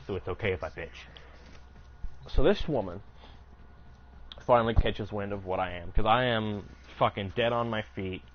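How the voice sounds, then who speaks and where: Young man, low pitch, rambling storyteller, profane, self-interrupting, dull recording. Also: slight background noise. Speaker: gaming streamer. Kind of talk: casual storytelling while gaming.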